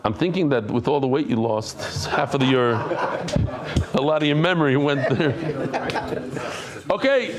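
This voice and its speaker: A middle-aged man from the United States leading a Talmud class before a live audience, chatting, joking and quickly reading out names. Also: medium pitch, expressive, over a noisy crowd. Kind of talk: casual class talk. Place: study hall with a live audience.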